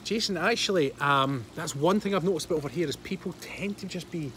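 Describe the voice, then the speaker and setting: A Scottish man in his thirties chats casually to his livestream viewers, laughing often and replying to their comments. His voice sits a little high, and he talks into a phone held at arm's length outdoors by a pool. Faint outdoor noise runs behind him. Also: fairly quick, a bit bright. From Scotland. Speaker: livestream host.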